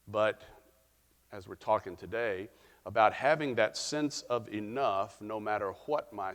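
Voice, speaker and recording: Middle-aged male pastor, lower voice, unhurried reflective sermon delivery with pauses, reverberant sanctuary sound. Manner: storytelling, reflective, with frequent pauses.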